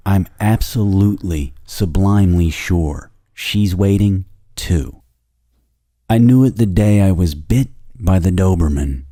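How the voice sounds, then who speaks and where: A man's voice: low-pitched, warm tone, no echo, studio quality. A man reading a short story in the first person, intense and obsessive, lingering over each word. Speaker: narrator.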